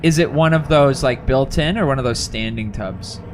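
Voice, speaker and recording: A man's voice: medium pitch, normal speed, noisy background. A man playing a tabletop game, trading jokes and playful banter. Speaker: player. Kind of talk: casual tabletop play.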